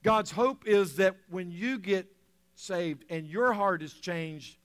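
A man preaching a sermon, swinging between loud emphatic lines and soft quiet ones, with chuckles between points. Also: high voice, takes it slowly, clean tone. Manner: animated preaching, rising loud then dropping soft. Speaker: pastor.

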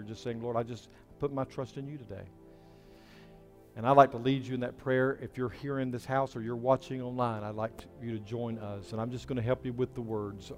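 A male pastor delivering an impassioned sermon in a church, swinging between loud preaching and a hushed, soft voice. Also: mid-range voice. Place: church sanctuary. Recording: long hall reverb with faint music.

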